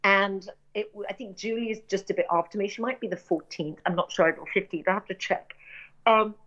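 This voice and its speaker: Brief: middle-aged British woman, animated storyteller, slightly muffled lo-fi audio. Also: medium pitch, brisk. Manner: animated anecdotes, acts out quoted voices, laughs often. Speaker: actress and screenwriter, interview guest. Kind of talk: casual interview storytelling. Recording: dull lo-fi audio.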